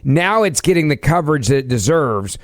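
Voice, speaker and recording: A man co-hosting a political talk show, asking his guest pointed questions in an animated way. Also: fairly high pitch, brisk, no echo, clean studio sound. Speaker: podcast co-host, interviewer.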